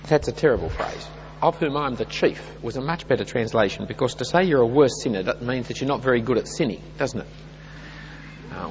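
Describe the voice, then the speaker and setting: A man preaches a sermon, his voice rising and falling with lively emphasis as he builds through repeated phrases. The sound is dull and slightly muffled, with a long hall reverb and a faint hum underneath. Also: medium pitch. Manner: earnest, emphatic build-ups with lively rises and falls. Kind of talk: expository sermon.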